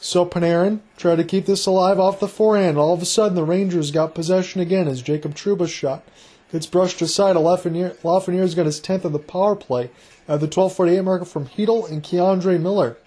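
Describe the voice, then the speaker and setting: A man doing solo play-by-play hockey commentary for an online broadcast, a rapid running call that jumps up on big plays. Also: high-pitched, warm tone.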